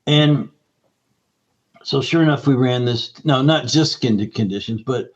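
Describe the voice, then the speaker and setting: A man who is a guest nutritionist, telling anecdotes in a lively storyteller's manner during an interview. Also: medium pitch, a little slow. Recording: slightly dull lo-fi audio.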